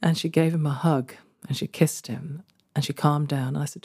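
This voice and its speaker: A middle-aged woman telling a personal story in an interview, earnest and warm, laughing often and growing emotional. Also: low voice, steady tone, moderate pace, breathy edge. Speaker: guest, former social care worker. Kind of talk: conversational storytelling.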